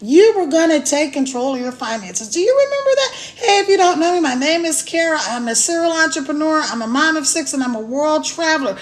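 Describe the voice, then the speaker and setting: A woman chatting casually on a livestream into a phone, animated and laughing often as she talks. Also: sits high, a little fast, few pauses. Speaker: online business promoter. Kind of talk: casual live-stream chat.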